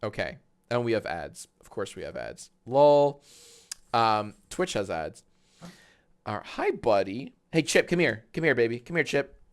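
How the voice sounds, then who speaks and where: A man in his thirties hosting a live stream, chatting casually and rambling, swearing freely and switching to a high baby voice for his dog. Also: very animated, measured pace, clean tone. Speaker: livestream host.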